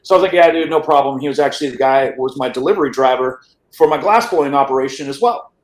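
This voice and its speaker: A man's voice: mid-range voice, fast talker. Man telling a story in an echoey room. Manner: animated, acts out quotes, some stammered restarts. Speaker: interview guest. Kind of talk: casual storytelling.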